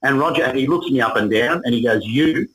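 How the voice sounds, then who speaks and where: A man in his sixties with an Australian accent, a musician guest telling lively stories and acting out the people in them. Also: medium pitch, quick pace, slight background noise, low-quality recording. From Melbourne, Australia. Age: 60s. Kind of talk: casual storytelling interview.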